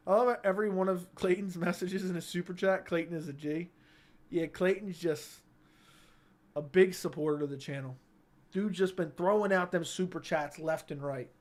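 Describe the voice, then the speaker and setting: Young male streamer, higher-pitched voice, laid-back and jokey, reading chat on a studio mic. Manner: laid-back, reads chat aloud, joking. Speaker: livestream host. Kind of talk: casual livestream chat. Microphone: studio dynamic mic.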